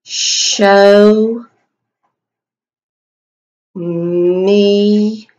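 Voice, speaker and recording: A woman teaching young children a writing lesson, sounding out words slowly and asking the class questions as she writes. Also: medium pitch, steady tone, a little mellow, lo-fi sound. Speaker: kindergarten teacher.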